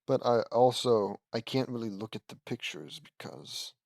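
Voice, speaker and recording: A man's voice: medium pitch, expressive, moderate pace, vocal fry, a little mellow, no room sound. A man casually reading a fan story aloud, breaking off into rambling, self-correcting asides. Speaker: audiobook reader and commentator. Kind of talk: casual read-aloud with commentary.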